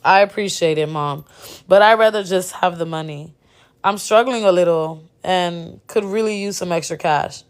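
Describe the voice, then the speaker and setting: A woman's voice: fairly low pitch, moderate pace, clean tone, natural voice. A woman reading the lines of a lazy grown son who talks in an evasive, offhand way.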